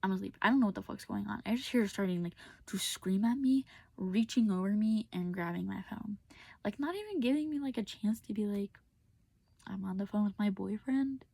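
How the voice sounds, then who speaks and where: A woman's voice: mid-range voice, animated, brisk, gravelly, a little mellow, breathy edge, no echo. A young woman telling a personal story in a rambling, casual way with lots of filler words, often half-whispered, recorded on a phone. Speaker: vlogger.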